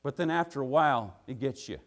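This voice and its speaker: A man preaching a sermon, telling a folksy work story that builds into loud, urgent preaching. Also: medium pitch, animated, fairly quick.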